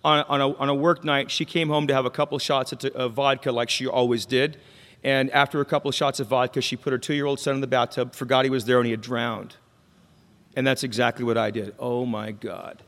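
A Mexican-American man tells his own story candidly at a recovery meeting, mixing in jokes and questions for the crowd. His medium-pitched voice is fairly bright, a little fast, with little pitch movement, and the recording has a long hall reverb.

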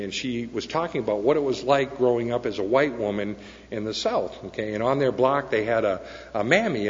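A man sharing a personal story at a recovery meeting, earnest and peppered with "okay?" and "right?". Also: medium pitch. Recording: dull sound with long hall echo.

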